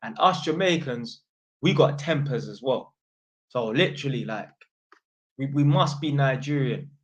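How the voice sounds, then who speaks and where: A man's voice: medium pitch, lively intonation, a little slow. A man from North London with a London accent, hosting his channel in slangy, rambling casual talk. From North London, England. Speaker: channel host. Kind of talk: casual livestream chat.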